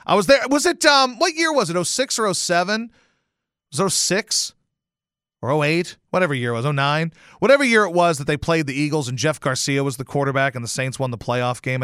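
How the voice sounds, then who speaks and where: A man's voice: mid-range voice, fairly quick, clean tone, no echo, clean studio sound. A man hosting a podcast, ranting in a casual, profane, sarcastic way and telling stories. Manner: animated, profane, sarcastic storytelling. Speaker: podcast host. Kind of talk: casual rant.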